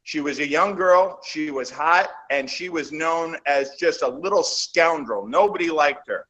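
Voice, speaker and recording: A man being interviewed, telling animated show-business anecdotes in a casual, rambling way that trails off and restarts. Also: a little high, measured pace, muffled recording. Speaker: interview guest, actor. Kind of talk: casual storytelling in a shoot interview.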